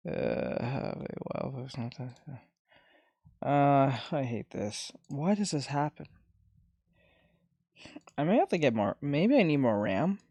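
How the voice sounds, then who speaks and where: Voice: mid-range voice, vocal fry, darkish tone, dry recording. A streamer chatting casually while reacting to clips and reading chat, rambling and often laughing.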